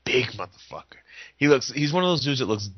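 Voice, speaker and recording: Husky man co-hosting a podcast. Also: medium pitch, very animated, a little fast, dry recording. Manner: laughing, profane storytelling. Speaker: podcast co-host. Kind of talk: casual chat. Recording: dull lo-fi podcast sound.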